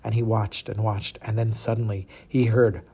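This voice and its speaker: A man telling a moral fable to listeners in a casual, animated way, with small restarts. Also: on the low side, normal speed, breathy edge. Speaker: storyteller.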